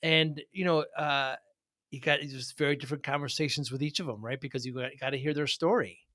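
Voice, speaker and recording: A man's voice: a little high, steady tone, fairly quick, pushed and bright, dry recording, studio quality. A man hosting a podcast interview, asking questions in a conversational way and humming along as he listens. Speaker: podcast host.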